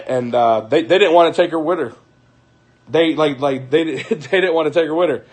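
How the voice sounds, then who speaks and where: A man's voice: on the high side, moderate pace, a little mellow. A man ranting casually on a livestream at home at night, profane and heated, repeating himself and breaking into laughter.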